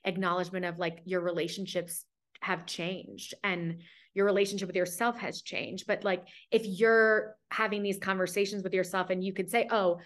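A woman's voice: on the low side, little pitch movement, moderate pace, a bit bright. Reflective woman in her thirties. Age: 30s. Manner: reflective, thinking aloud. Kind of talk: casual conversation.

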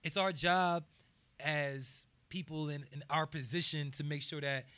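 A man's voice: on the high side, steady tone, measured pace, bright, forceful tone. A man hosting a podcast, talking in a laid-back drawl with lots of fillers. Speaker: podcast host. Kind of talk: casual podcast banter.

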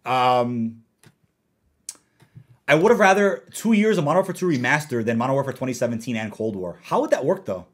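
A man's voice: medium pitch, big pitch swings, brisk. A young man casually ranting and reading out viewer comments on a gaming livestream, laid-back and laughing often.

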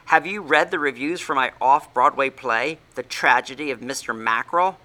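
A man's voice: medium pitch, normal speed, bright, forceful tone, lightly acted. A man voicing a snobbish teenage boy prodigy who is haughty and slyly evasive. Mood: smug.

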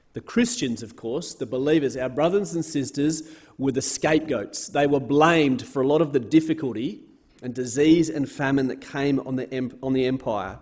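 A man's voice: mid-range voice, a little mellow. A man giving an earnest Bible talk as a sermon, repeating words for emphasis and raising his voice when reading scripture. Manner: reads scripture aloud with rising force.

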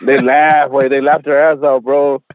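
A rapper speaks in a loose, streetwise way, swearing freely and mixing in bits of Spanish. His voice sits at an ordinary pitch for a man. The sound is dry and a little dull, like a budget podcast mic. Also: little pitch movement, moderate pace, no echo. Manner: slangy, profane, peppered with "bro" and "you know what I'm saying"; mixes in Spanish phrases. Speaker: rapper guest. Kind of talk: casual interview chat.

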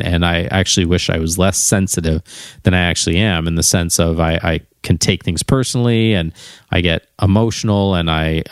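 A man's voice: low voice, dry recording, clean studio sound. A middle-aged man talking through a personal reflection, candid and musing, often searching for his words.

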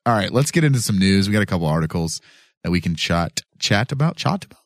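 A man's voice: sits low, animated, quick pace, dry recording. A young man hosting a casual podcast in a small studio, loose and joking, rambling with restarts. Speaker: podcast host.

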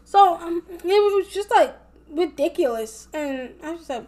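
Young woman ranting on her vlog, high voice, tons of "like" and cussing, scattered and rambly. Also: animated, unhurried, darkish tone. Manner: filler-heavy, swears a lot, rambling. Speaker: vlogger. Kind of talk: casual rambling commentary.

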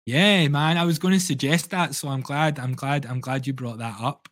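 A man, a breathwork coach, guiding listeners through a breathing exercise with calm, slow, soothing instructions. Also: medium pitch, dry recording.

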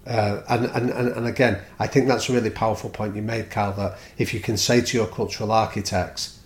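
A man's voice: lowish voice, fairly quick. A man, a podcast guest who tells stories and acts out the people he quotes. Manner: animated storyteller, acts out quoted exchanges. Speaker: guest speaker on culture and leadership. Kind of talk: podcast conversation. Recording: roomy echo.

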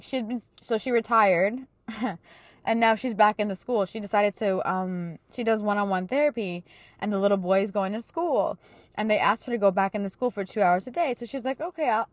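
A woman's voice: on the high side, no room sound. A woman in her thirties hosting a casual faith talk, telling stories in an earnest, chatty way with plenty of fillers. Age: 30s. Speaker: podcast host.

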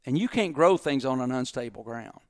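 A man's voice: a little fast, no echo, clean studio sound. A middle-aged man, a business owner, telling stories in a casual podcast chat and acting out the voices in them. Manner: animated storyteller, acts out quotes, jumps in pitch.

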